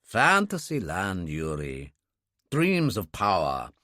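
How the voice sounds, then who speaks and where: A man reading an audiobook, voicing a calm, guarded man who speaks low and measured. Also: no echo, studio quality, full character voice.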